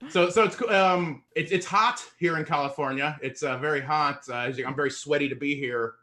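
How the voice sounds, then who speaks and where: A man from Indiana delivers a stand-up set, slightly out of breath. His voice sits a little high and sounds bright and forward. He stumbles over fillers and laughs his way into self-deprecating punchlines. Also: a little fast. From Indiana, USA. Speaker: stand-up comedian. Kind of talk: stand-up set on an online show.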